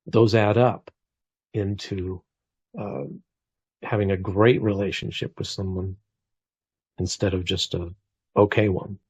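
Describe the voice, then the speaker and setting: Man, 40s, low husky voice, reflective chat guest, muffled lo-fi audio. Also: no echo. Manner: reflective, warm storytelling with frequent restarts. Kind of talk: casual conversation.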